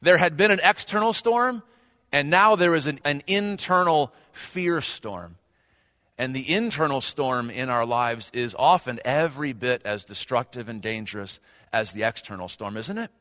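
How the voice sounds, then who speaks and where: A man's voice: mid-range voice, expressive, moderate pace, fairly bright tone. A male pastor preaching a sermon earnestly, with rhetorical questions and rising emphasis. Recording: long hall reverb.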